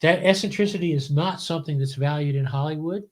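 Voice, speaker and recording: Older man guest, animated storyteller, voices his quotes. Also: on the high side, fast talker. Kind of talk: casual storytelling interview.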